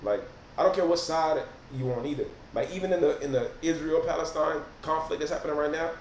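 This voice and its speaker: A man, hosting a casual livestream and reacting to viewer comments in animated, profane slang. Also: on the high side. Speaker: rapper and livestream host. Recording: roomy echo, faint noise.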